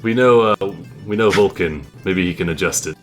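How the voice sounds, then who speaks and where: A man's voice: deep voice, moderate pace, soft background music. A man playing in a tabletop game, making dry jokes. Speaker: player.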